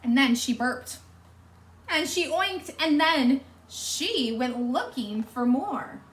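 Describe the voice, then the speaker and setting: Animated woman reading a storybook. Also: high-pitched, takes it slowly. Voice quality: expressive, animated. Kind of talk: reading a storybook aloud to children. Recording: echoey room.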